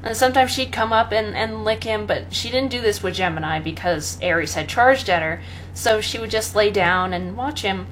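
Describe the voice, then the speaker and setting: A young woman chatting casually about her pets, rambling with many pauses and fillers and often breaking into laughter. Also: medium pitch, animated, fairly bright tone, slight background noise. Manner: rambling, full of ums and laughs, talks to her cat. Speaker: pet owner vlogger. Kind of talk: casual chat.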